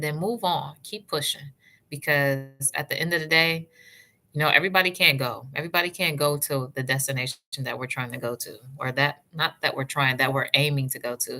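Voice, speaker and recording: A woman's voice: low-pitched, a little fast. A woman giving natural hair advice in a casual livestream, breaking off to greet chat viewers by name and calling them sis and love. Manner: warm, chatty, answers live chat by name, calls viewers sis and love.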